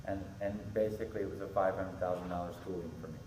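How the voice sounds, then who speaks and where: A middle-aged man preaching to a youth group, telling a story with animated, acted-out quotes. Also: deep voice, fast, recorded from a distance, slight background noise. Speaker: pastor. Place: church hall. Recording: echoey hall with faint ambience.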